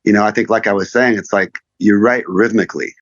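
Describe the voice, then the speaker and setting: A man's voice: lowish voice, fairly even intonation, brisk, dry recording, muffled recording. A man being interviewed as a musician, answering in short, offhand, laid-back remarks. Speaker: musician guest. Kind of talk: casual interview chat.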